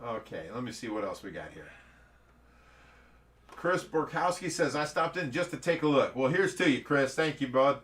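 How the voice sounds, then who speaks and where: Bright-voiced joking Midwestern man. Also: mid-range voice, expressive, normal speed. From Ohio, United States. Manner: joking, laughs often. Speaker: livestream co-host reading chat. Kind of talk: casual livestream chat.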